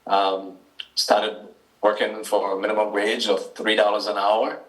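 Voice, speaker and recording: A man's voice: lowish voice, level tone, unhurried, fairly bright tone, reverberant, far from the mic, rough recording. A man from Trinidad and Tobago with a Trinidadian accent, answering interview questions as a guest author, hesitant with frequent ums and restarts.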